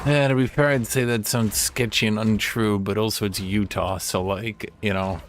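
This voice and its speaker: A man's voice: on the low side, fairly even intonation, normal speed, background noise. A young man streaming a game, chatting casually and joking as he plays, sometimes acting out silly character voices. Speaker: gaming streamer. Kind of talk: casual gameplay commentary.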